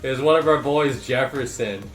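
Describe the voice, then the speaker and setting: A young man chatting casually while he plays, wandering through anecdotes with plenty of laughs and the odd curse. His voice sits at an ordinary middle pitch. The room is echoey, and game music plays faintly behind him. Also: moderate pace. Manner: rambling storyteller, swears, laughs often. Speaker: streamer. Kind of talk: casual chat while gaming.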